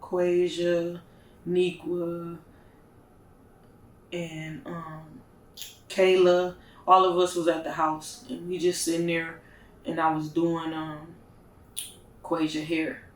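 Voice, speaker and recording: A woman recounting a loss as a mother in a documentary interview, talking in a halting, soft-spoken way. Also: fairly low pitch, completely flat delivery. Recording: roomy sound from a distant mic with faint music.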